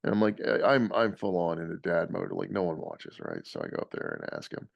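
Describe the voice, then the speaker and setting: A man telling a lively story in casual podcast chat, laughing often. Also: sits low, brisk, vocal fry, no room sound, muffled recording. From American South.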